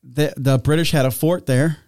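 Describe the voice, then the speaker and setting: A man co-hosting a podcast, easygoing and quick to laugh, chiming in with side notes. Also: fairly high pitch, steady tone, a little mellow, no echo, studio quality. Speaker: podcast co-host. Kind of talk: casual podcast chat.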